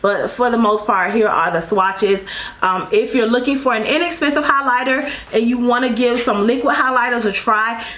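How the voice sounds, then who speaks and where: A woman's voice: on the high side, moderate pace, fairly bright tone. A woman reviewing makeup in a casual, effusive way, calling her viewers girl and honey and often apologizing in rambling asides. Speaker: beauty vlogger. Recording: echoey room.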